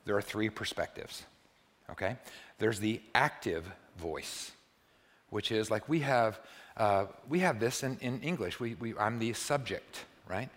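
A man preaching from the pulpit with a mid-range voice, neither high nor low. He is playful and lively, jumping to loud, excited bursts to stir the congregation. Then he drops to hushed, quiet stretches when the message turns reflective. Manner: playful and animated, swinging between loud bursts and hushed, soft passages. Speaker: pastor. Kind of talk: sermon. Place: church.

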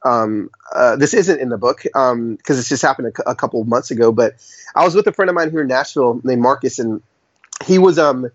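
A man's voice: mid-range voice, brisk, no room sound. A man guesting on a podcast, telling a story animatedly in a dull, dry, slightly lo-fi recording. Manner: animated, lots of fillers and restarts.

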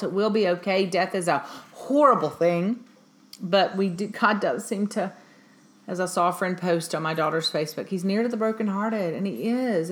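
A woman hosting a podcast, giving parenting advice in casual talk, earnest and emphatic, often repeating her points. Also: mid-range voice. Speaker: podcast host.

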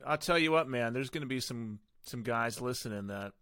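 A man hosting a podcast, chatting in a relaxed, reflective way and laughing easily with his guest. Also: mid-range voice, a little fast, no echo, studio quality. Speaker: podcast host. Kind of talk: casual podcast conversation.

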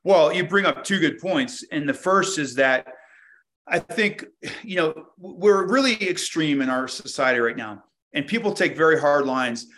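A man's voice: fairly high pitch, animated, measured pace, fairly bright tone. A man being interviewed as a guest, talking reflectively and telling stories with frequent restarts. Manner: reflective storyteller, many restarts. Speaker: guest, inventor. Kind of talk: casual interview conversation.

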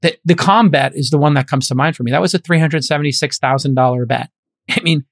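Gravelly fifty-something guy on a podcast, fairly high voice, preachy and emphatic, dry sound. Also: quick pace, no room sound. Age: 50s. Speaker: podcast host and investor. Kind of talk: casual chat.

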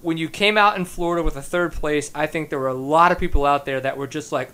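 A man's voice: on the high side, fast, few pauses, bright, forceful tone. A man hosting a casual podcast interview, joking and enthusiastic. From United States. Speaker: podcast host.

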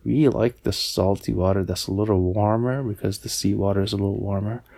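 A man voicing a friendly group of saltwater shrimp in a bedtime story, matter-of-fact and gravelly. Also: on the low side, steady tone, brisk, mellow. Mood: explaining.

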